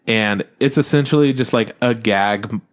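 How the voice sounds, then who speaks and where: A man's voice: lowish voice, moderate pace. A man co-hosting an anime podcast in casual chat, joking loosely and laughing often. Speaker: podcast co-host.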